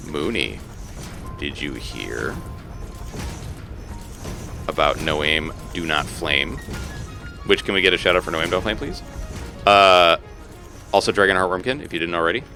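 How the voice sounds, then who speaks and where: Lively, bright-voiced male game streamer. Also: low-pitched, gravelly. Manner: animated, joking, swears freely, talks to chat. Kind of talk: casual live-stream chat while gaming.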